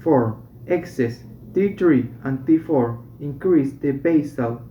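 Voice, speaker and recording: A man reading medical English textbook passages and exercises aloud, slowly and deliberately, stopping to correct himself. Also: mid-range voice, slight background noise. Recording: dull echoey room recording.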